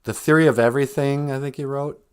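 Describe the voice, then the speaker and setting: A man hosting a live comedy podcast, rambling through mock-earnest, deadpan satire. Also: medium pitch, quick pace, clean tone. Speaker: podcast host.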